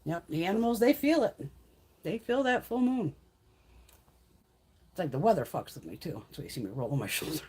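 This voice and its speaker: A woman's voice: fairly low pitch, very animated, brisk, pauses often, a little mellow, husky. Blunt, foul-mouthed woman chatting on a livestream. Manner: blunt, swears freely, laughs often. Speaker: beauty livestream host. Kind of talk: casual live chat with viewers. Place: home on a mountain.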